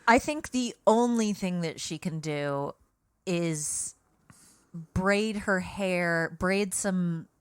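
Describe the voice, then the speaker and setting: Slow, deadpan female co-host; low-set voice, dry close mic. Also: clear, resonant tone, no room sound. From Britain. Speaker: podcast co-host. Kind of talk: casual chat.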